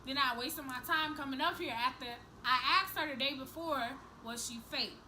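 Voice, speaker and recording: A young woman vlogger telling a story to the camera in a casual, animated, profane way, acting out each person's lines. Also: high voice, normal speed, a little hiss or hum, low-quality recording.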